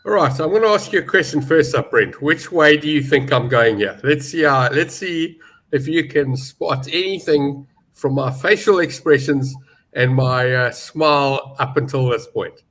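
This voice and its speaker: A man's voice: a little high, normal speed, a bit bright. A man giving betting opinions as a pundit, confident and emphatic, with some joking. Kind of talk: casual sports betting chat.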